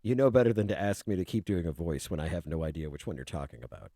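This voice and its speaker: A man streaming video games, chatting casually and mocking himself while he mutters at his software. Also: low voice, fast talker, vocal fry, no room sound, clean studio sound. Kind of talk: casual game stream chat.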